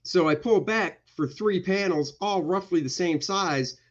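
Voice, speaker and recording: A man's voice: sits high, measured pace, muffled recording. A male comic book artist giving casual, jokey commentary on his pages during a livestream. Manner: playful, jokey, slips into goofy voices.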